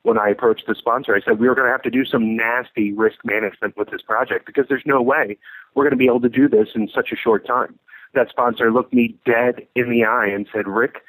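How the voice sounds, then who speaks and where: A man tells a workplace joke in a relaxed, conversational way. He leans on key words for emphasis. His voice sits at a mid pitch. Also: fairly quick, low-quality recording. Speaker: project management speaker. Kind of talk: storytelling a joke.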